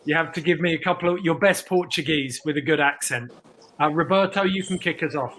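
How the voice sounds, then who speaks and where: A man's voice: fairly high pitch, fairly bright tone, poor audio. Upbeat man hosting a video call. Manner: upbeat, teasing, quick asides. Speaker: host. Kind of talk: casual chat.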